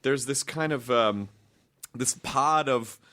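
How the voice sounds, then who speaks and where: A man's voice: medium pitch, slow pace, bright, forceful tone. An American man hosting a podcast, chatting casually and enthusiastically with many restarts. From United States. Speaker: podcast host. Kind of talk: casual interview chat.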